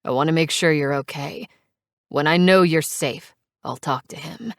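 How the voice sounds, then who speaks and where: A woman's voice: sits low, moderate pace, no echo, clean studio sound. A woman voicing a protective, dangerous male biker who speaks firmly and intensely. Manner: intense, firm.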